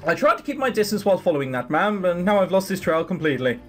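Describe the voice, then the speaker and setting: A man's voice: sits high, very animated, fast, soft background music. A man voicing a tired, hopeful young servant girl who muses to herself, reading a visual novel game aloud. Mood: musing.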